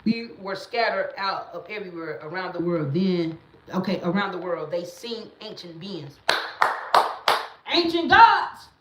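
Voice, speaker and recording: A woman hosting a livestream in casual talk, blunt and emphatic, sometimes rising into loud preaching bursts, speaking into a phone or webcam. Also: lowish voice, normal speed, roomy sound, a little hiss or hum. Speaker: livestream host.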